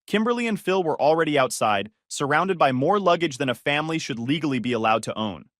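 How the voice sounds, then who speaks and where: A man's voice: a little high, lively intonation, quick pace, fairly bright tone, no echo. A man narrating a first-person story with a dry, sarcastic delivery.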